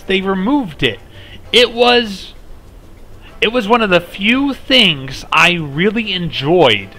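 A man's voice: fairly high pitch, sharp tone. A man hosting a casual game live stream, chatting with viewers, rambling and humming along as he plays. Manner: rambling, chatty, hums tunes and laughs often. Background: faint game music.

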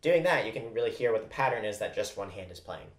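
During an instructional percussion lesson, a man with a lowish, expressive voice speaks fast, patiently explaining flam rudiments and counting stickings out loud. His voice echoes in a room with loud drumming.

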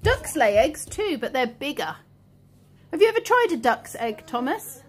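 A woman's high voice bounces all over the place as she coaxes little children through a play session. She talks in a sing-song, encouraging way, like a patient teacher keeping toddlers engaged. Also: sing-song, moderate pace. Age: adult. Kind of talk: playful talk with toddlers.

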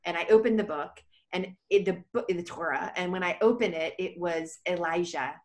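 Animated woman telling a personal story. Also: on the low side, slight background noise. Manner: animated storyteller acting out dialogue; tempo jumps between rushed and drawn-out. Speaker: podcast guest.

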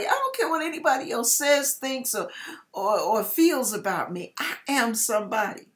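A woman's voice: on the high side, lively intonation, normal speed, fairly bright tone. A woman hosting her own channel, telling a heartfelt personal testimony and sometimes close to tears. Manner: emotional, heartfelt storytelling with quoted exclamations. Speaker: host.

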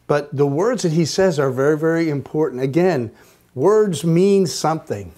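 A man teaching a Bible study lesson, retelling the story slowly and deliberately, repeating phrases for emphasis. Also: on the high side, expressive, mellow.

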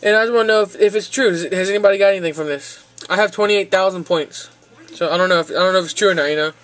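A man's voice: high voice, racing, fairly bright tone. A man talking casually in a rambling home vlog, repeating himself and saying "y'all" a lot. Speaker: vlogger. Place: outdoors in hot weather.

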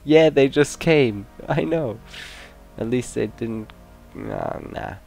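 Slow-talking man commenting on gameplay. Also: medium pitch, gravelly. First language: not English. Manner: excitable, swears often. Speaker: let's play host. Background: game music and gunfire.

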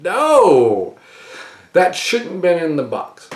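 A man's voice: a little high, big pitch swings, unhurried, gravelly, echoey room. A man hosting a card-opening channel, giving his opinion in a casual, rambling way, breaking into laughter often and restarting his sentences.

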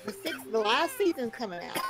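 A woman's voice: a little high, very animated, a little fast, a bit bright. A woman hosting a live game stream, chatting and laughing with friends as she plays. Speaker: streamer and host. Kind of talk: casual chat while playing a board game online. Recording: noisy stream audio.

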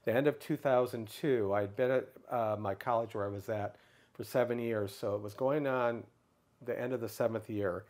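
A middle-aged man speaks at an ordinary, middle pitch while telling a long story in a relaxed interview. He is animated and lively, and now and then lifts his voice to act out another person's words. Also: moderate pace. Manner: animated storyteller, acts out others' lines in a raised pitch. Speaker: guest speaker.

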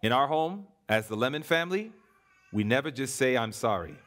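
A man preaching a sermon in church, swinging between emphatic declarations and hushed, earnest appeals. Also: mid-range voice, lively intonation, fairly quick.

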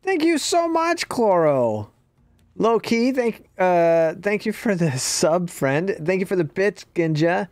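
A man's voice: high voice, very animated, slow pace, a little mellow, no room sound, clean studio sound. A man casually chatting and laughing while streaming a co-op game, thanking viewers now and then. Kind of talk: casual gaming chat.

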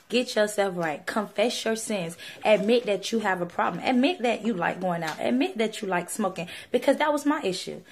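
Pleading young woman. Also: medium pitch. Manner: pleading, earnest, many fillers. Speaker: vlogger sharing a religious testimony. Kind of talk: casual personal testimony.

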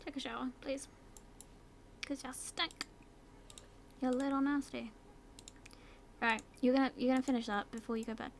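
A woman with a sore throat chats her way through a life-sim game and bosses her characters around. Her voice sits fairly high. A faint hum and soft keyboard clicks run underneath. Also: fairly even intonation, normal speed, vocal fry, pauses often. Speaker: gaming video host. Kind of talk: casual gameplay commentary.

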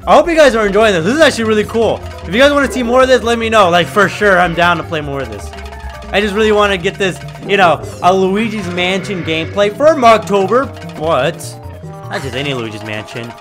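A young man giving excitable, trash-talking commentary while playing a video game. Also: high-pitched, a little fast, over music. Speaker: gaming video creator. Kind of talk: gameplay commentary.

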